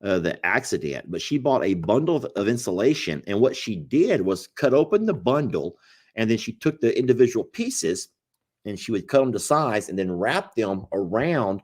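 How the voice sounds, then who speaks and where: A man's voice: lowish voice, very animated, moderate pace. A man hosting a casual livestream, folksy and playful, rambling with restarts. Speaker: animal sanctuary owner, livestream host.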